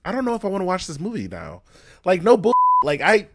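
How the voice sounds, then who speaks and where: Lively high-voiced young man reacting. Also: fast. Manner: exasperated, swears often, talks straight to viewers. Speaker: movie reaction host. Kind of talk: casual reaction commentary.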